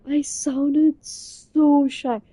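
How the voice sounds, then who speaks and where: A young woman streamer reacting to an old clip, gasping and laughing with excitement. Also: sits high, extremely slow, no echo.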